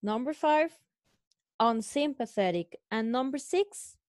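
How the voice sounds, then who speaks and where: Slow-talking Spanish-accented woman teacher. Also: fairly high pitch, animated, a little mellow, dry recording, clean studio sound. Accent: Mexican Spanish. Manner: slow, explanatory, addressing students as guys. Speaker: English teacher. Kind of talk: recorded online lesson.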